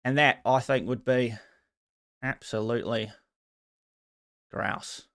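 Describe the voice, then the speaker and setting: A man's voice: mid-range voice, steady tone, takes it slowly, fairly bright tone, pitched below the performer's own voice. A man putting on a jokey Australian accent to answer live-stream viewers, breezy and slangy. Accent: put-on Australian.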